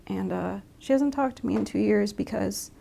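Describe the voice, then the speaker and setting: Halting, gravelly-voiced middle-aged woman. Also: medium pitch, mellow, a little hiss or hum. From Michigan. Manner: halting, reflective, with frequent restarts. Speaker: interviewee. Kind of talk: candid interview.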